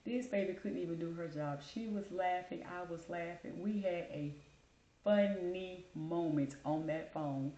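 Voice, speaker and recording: A woman telling a casual story in a lively, colloquial way, calling people honey and baby. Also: on the low side, a little slow, reverberant, dull audio. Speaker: vlogger.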